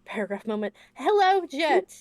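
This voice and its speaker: A woman's voice: high voice, big pitch swings, normal speed, darkish tone. Woman hosting a casual voice chat. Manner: leads the rating, reads viewer chat aloud. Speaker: stream host.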